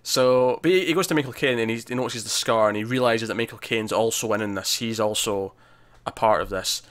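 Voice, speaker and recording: A man's voice: mid-range voice, fairly quick, fairly bright tone. Chatty man discussing a movie. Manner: chatty, laughs often, frequent restarts. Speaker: podcast co-host.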